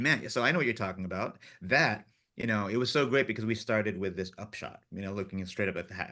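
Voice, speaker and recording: A man, a film director, chatting in an interview and telling animated stories from the set, acting out his crew's lines and laughing often. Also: lowish voice. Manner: animated storyteller, acts out crew voices, laughs often. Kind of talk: casual interview chat.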